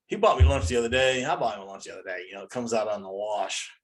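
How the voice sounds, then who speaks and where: A man's voice: lowish voice, fast. A forty-three-year-old male comedian ranting in an exasperated, incredulous way about common sayings. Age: 40s. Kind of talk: comedic rant.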